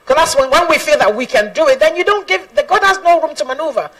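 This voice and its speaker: A woman's voice: high voice, fast talker, fairly bright tone. Woman singer speaking from a distance. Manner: earnest, laughs often, quotes scripture. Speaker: gospel singer. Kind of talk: personal testimony talk.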